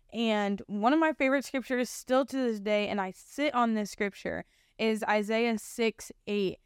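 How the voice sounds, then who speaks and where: A woman's voice: on the high side, normal speed, smooth, no room sound, clean studio sound. Young woman telling her faith testimony. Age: young adult. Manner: casual, heartfelt, heavy use of "like". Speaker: Christian sharing her testimony. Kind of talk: personal testimony storytelling.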